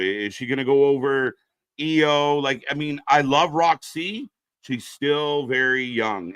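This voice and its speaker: A man's voice: medium pitch, pushed and bright, clean tone, no echo, clean studio sound. A man casually commentating on a wrestling show during a live stream, chatting with viewers and reacting to the action. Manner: chatty, reads chat names aloud, reacts to the match.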